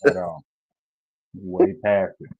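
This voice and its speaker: A man's voice: low voice, monotone, takes it slowly, dark tone, husky. A laid-back man co-hosting a sports talk show, easygoing and slangy. The recording sounds dull and lo-fi. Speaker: podcast co-host.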